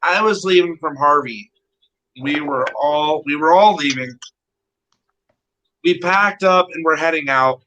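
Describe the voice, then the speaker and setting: A man's voice: on the high side, a little slow, pauses often, bright, forceful tone, slight background noise, poor audio. A man telling a rambling story in casual, profane chat, blunt and full of swearing.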